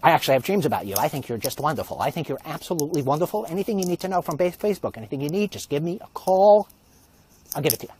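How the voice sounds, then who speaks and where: A man's voice: fairly high pitch, expressive, rapid-fire, darkish tone, a little hiss or hum, natural voice. A man impersonating a fawning, overly obliging male tech boss in a comic bit. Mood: gushing.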